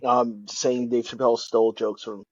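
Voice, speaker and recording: A man co-hosting a casual podcast, reacting quickly with short remarks and wry asides. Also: medium pitch, flat delivery, husky, no room sound. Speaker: podcast co-host. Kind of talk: casual chat. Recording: dull lo-fi mic.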